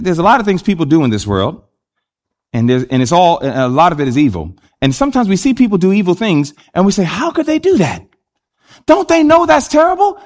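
Animated high-voiced male preacher. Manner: animated, addresses the congregation directly. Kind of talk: sermon.

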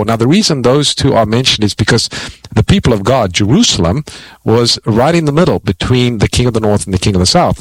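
Low-voiced man answering Bible questions. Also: no echo, poor audio. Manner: explanatory teaching, measured with frequent "uh" fillers. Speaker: radio Bible answer host. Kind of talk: call-in Bible Q&A.

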